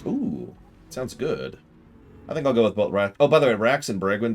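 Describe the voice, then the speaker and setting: A chatty male streamer with a low, very lively voice, rambling between asides. Faint game music plays behind him. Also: fairly quick. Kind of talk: casual game commentary.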